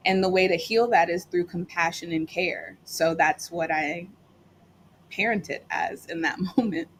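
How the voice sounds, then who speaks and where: A woman's voice: on the low side, a little slow, a little hiss or hum. A middle-aged woman, a guest on a talk show, chatting and telling stories with lots of fillers. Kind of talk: casual talk show conversation.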